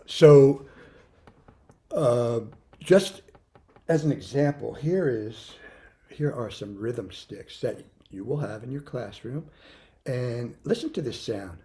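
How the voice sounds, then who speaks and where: A man teaching a music lesson to young children, counting beats loudly and then dropping to soft prompts, repeating words patiently. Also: mid-range voice, lively intonation, takes it slowly.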